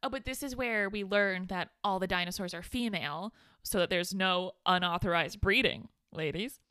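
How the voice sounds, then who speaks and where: A woman's voice: mid-range voice, moderate pace, sharp tone, clean tone, dry recording, clean studio sound. A woman co-hosting a podcast, chatting about a film with eager enthusiasm and frequent laughs. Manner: enthusiastic, laughs often, calls listeners babes. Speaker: podcast co-host. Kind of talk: casual film chat.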